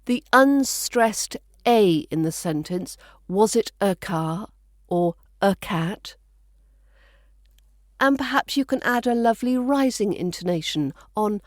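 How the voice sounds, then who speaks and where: Woman, RP English accent, pronunciation coach, slow, precise repetition, dry close sound. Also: medium pitch, expressive, darkish tone, dry recording. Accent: southern English (RP). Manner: slow, deliberate, repeats model words. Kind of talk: pronunciation lesson.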